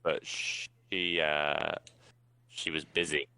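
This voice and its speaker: A man's voice: rumbling low, extremely slow, clean tone, no room sound. A British man, podcast co-host, telling blunt, sweary stories in casual chat. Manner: blunt, swearing, lively storyteller.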